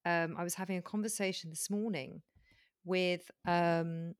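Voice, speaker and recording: A woman's voice: lowish voice, steady tone, unhurried, clean tone, dry recording, clean studio sound. A woman host in conversation, affirming her guest often before telling her own story. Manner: warm affirming listener, frequent "yeah". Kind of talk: conversational interview.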